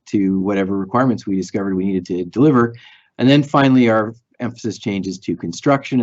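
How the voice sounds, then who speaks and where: A man giving a recorded software lecture, explaining thoughtfully with frequent fillers and restarts as he draws on slides. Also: on the low side, dull audio.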